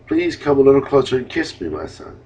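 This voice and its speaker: A man's voice: medium pitch, sing-song, fairly quick, darkish tone, slightly rough. A man reading an aged patriarch, solemn. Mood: questioning. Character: aged male patriarch blessing his sons. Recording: dull lo-fi recording.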